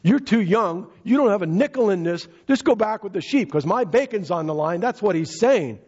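A male preacher with a high, husky voice that rises and falls animatedly as he drives his points home. He retells scripture in everyday words and says key lines twice. The recording is dull and lo-fi. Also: expressive, moderate pace, a little mellow. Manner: emphatic, repeats key phrases, paraphrases scripture in casual speech. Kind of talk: sermon.

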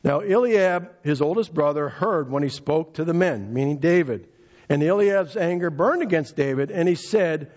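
Husky, lively-pitched male preacher. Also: moderate pace. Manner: emphatic, repeats key phrases, paraphrases scripture in casual speech. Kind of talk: sermon. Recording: dull lo-fi recording.

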